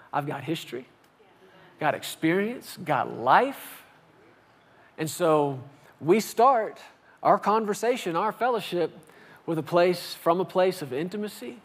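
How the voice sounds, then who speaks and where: Man preaching, 30s, high-pitched voice, animated storytelling, playful acted-out phone calls. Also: breathy edge. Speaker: pastor. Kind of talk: sermon. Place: church sanctuary.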